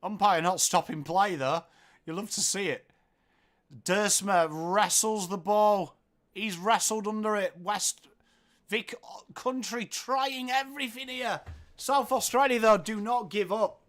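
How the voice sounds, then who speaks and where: A man with an English accent calls the game live and chats with his stream viewers as he goes. His voice sits high, and his delivery is casual and talkative, rising when a goal goes in. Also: measured pace. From England. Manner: chatty, reads viewer comments aloud, gets excited at goals. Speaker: livestream watchalong host. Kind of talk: live commentary and chat with viewers.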